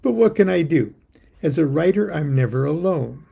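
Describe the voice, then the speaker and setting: Gravelly, theatrical older man. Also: on the high side, animated, moderate pace, mellow. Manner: theatrical, wry. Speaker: occult author. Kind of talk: reciting a poem, then reflective monologue.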